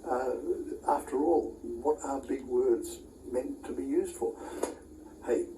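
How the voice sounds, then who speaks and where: Guy lecturing to a camera, really dark mellow voice, dry little jokes, a bit far off in a roomy space. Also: mid-range voice, slow pace, slight background noise. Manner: conversational, with dry asides and frequent uh fillers. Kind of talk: recorded Bible college lecture. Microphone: camera recording. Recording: distant mic, roomy echo, faint ambience.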